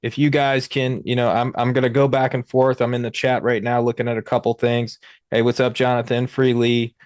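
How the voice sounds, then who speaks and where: A young man hosts a live trading stream on his own, talking off the cuff and wandering between thoughts with lots of ums and restarts. His voice sits at an ordinary middle pitch, and the recording is dry and close. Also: flat delivery, a little fast, a little mellow, no echo. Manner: rambling, many fillers and restarts. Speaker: host. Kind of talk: casual livestream market talk.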